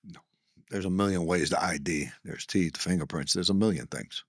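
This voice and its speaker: A man hosts a relaxed conversation in a low voice. He jumps in with short jokes and quick replies. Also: husky. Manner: joking, quick interjections, laughs along. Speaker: podcast host. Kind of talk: casual chat.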